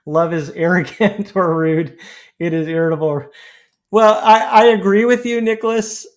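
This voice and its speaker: Chatty host guy, laughs a lot, kinda high voice. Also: normal speed. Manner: chatty, laughs easily, reads posts aloud. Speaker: podcast host. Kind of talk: casual panel discussion.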